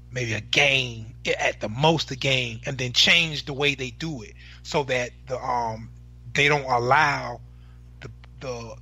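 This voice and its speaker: A man in a heated sports debate who talks in a halting way, with frequent restarts and stammers. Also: mid-range voice, pushed and bright, slightly rough.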